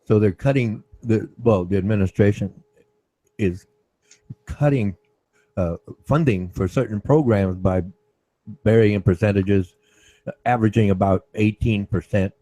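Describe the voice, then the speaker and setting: A man with a low, mellow voice lays out his points in a measured way, often adding "you know". The sound is dry and close. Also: no room sound, poor audio. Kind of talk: casual chat.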